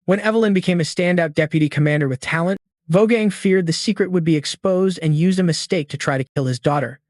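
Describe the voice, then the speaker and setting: A man narrating a story recap in a steady, scripted storytelling manner. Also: high-pitched, fast, no echo, clean studio sound.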